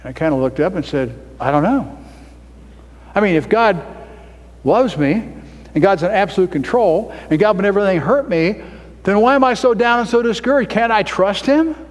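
High-voiced preaching man in a hall. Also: expressive, moderate pace. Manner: emphatic, rising to loud high peaks. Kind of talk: sermon.

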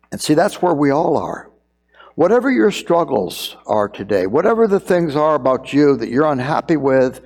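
A man's voice: medium pitch, a little mellow, big-room sound. A middle-aged man preaching a sermon, earnest and emphatic, repeating key phrases as he builds his point. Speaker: pastor.

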